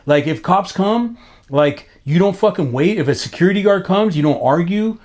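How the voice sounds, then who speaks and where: A man in his fifties from Los Angeles, telling stories in a loose, casual interview. His voice sits a bit high, and it leaps higher whenever he gets worked up. He talks in a profane, slang-heavy ramble full of restarts. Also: moderate pace. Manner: animated, pitch jumps up when excited. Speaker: graffiti writer being interviewed.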